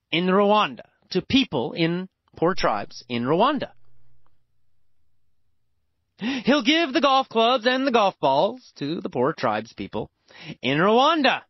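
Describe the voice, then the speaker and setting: A man teaching English by telling a simple story slowly, with exaggerated, repetitive emphasis. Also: dry recording. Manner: exaggerated, repetitive, animated storytelling with big pitch swings. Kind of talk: slow, emphatic storytelling lesson. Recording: dull lo-fi, dry recording.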